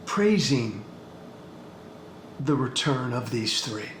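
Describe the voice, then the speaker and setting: A man's voice: medium pitch, very animated, slow pace. A man hosting a political commentary podcast, speaking in an emphatic monologue that hammers the same points again and again, with blunt profanity. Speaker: podcast host. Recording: echoey room with faint background noise.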